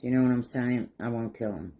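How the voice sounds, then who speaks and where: A man's voice: medium pitch, fast talker, dark tone. A middle-aged man with an ordinary, mid-range voice chats casually over a painting project. He wanders off into homespun stories and chuckles often, keeping an easygoing, down-home manner. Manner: rambling, folksy, chuckles through stories. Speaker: craft vlogger. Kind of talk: casual storytelling while painting.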